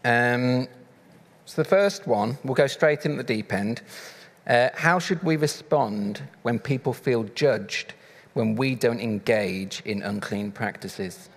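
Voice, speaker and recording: A man moderating questions after a sermon, relaxed and brief. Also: mid-range voice, slow pace. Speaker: question host. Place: church hall. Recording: reverberant hall, from a distance.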